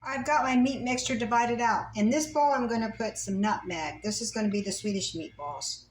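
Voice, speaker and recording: A woman's voice: a little high, moderate pace, echoey room, slight background noise, low-quality recording. A woman home cook casually talking through a recipe in her kitchen, chatty and thinking aloud as she works. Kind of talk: casual cooking demonstration.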